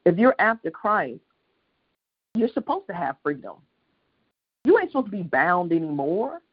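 Husky voice, passionate preacher, repeats phrases, dull phone-line sound. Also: medium pitch, big pitch swings, moderate pace. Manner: impassioned, repetitive, swells to loud peaks. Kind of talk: sermon on a prayer line.

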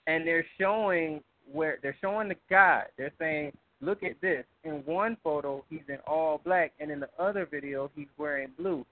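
A man talking on a call in a casual, halting way, quickly turning incredulous. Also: a little high, no room sound. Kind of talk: casual conversation. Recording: tinny phone line.

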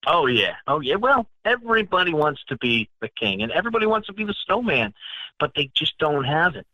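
A man's voice: fairly high pitch, sing-song, brisk, no room sound, lo-fi sound. A man from the Northeastern United States hosting a casual chat, telling stories in a boastful, mock-arrogant way. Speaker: podcast host.

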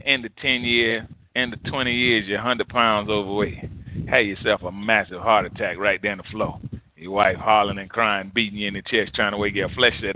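A man's voice: mid-range voice, fairly quick. A male pastor preaching a sermon in an impassioned, emphatic way, repeating phrases for effect, heard over a tinny phone-like line.

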